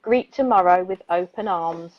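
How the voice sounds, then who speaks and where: A woman co-hosting a radio show, reading listeners' poems slowly and soothingly, then chatting casually and laughing easily. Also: fairly low pitch, highs cut off, very noisy. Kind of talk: gentle poetry reading and casual chat.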